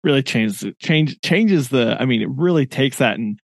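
A man's voice: medium pitch, animated, normal speed, no echo, clean studio sound. A man co-hosting a podcast, discussing a book in a thoughtful, reflective way and reading passages aloud before commenting on them. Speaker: podcast co-host.

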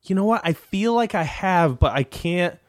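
A man's voice: high-pitched, animated, moderate pace, no echo, clean studio sound. A man co-hosting a podcast, talking in a rambling, casual way with plenty of swearing and laughter. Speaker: podcast co-host. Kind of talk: casual chat.

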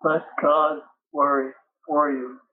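A man voicing a serene, gentle female angel as he reads his poem aloud, speaking softly and unhurriedly. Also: fairly high pitch, flat delivery, narrow, tinny audio. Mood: soothing. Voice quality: soft, unhurried.

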